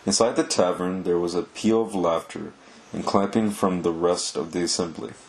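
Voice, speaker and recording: Deep-voiced man reading a story aloud. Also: fairly even intonation, normal speed, creaky, poor audio. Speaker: audiobook narrator.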